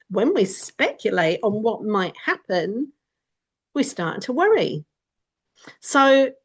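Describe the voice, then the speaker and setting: A middle-aged woman talking candidly at home, chatty and emphatic, laughing now and then and repeating herself for stress. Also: on the high side. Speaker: vlogger giving life advice. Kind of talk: casual spoken reflection to camera. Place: home indoors by a window.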